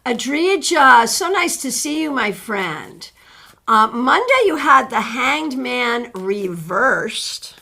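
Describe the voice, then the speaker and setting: A middle-aged woman hosting a live tarot stream, chatting warmly as she greets viewers by name and reads their cards. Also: fairly high pitch, very animated, slow pace, vocal fry.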